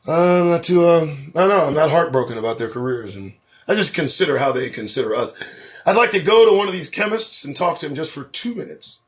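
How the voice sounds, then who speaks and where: A man hosting a live stream, reading news headlines aloud and ranting about them in a sarcastic, profane, animated way. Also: a little high, normal speed. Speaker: host. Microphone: phone or webcam on a live stream.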